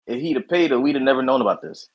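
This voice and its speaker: A man on a casual wrestling podcast, giving opinions slowly in a slangy way. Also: medium pitch, animated. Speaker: podcast guest. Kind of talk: casual chat.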